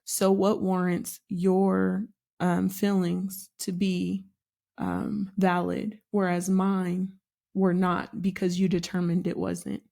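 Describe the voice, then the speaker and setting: A young adult woman co-hosting a casual chat about marriage, telling a story and acting out the quotes with lively emphasis. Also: fairly low pitch, slow, creaky. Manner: animated storytelling, acts out quotes. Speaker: podcast co-host.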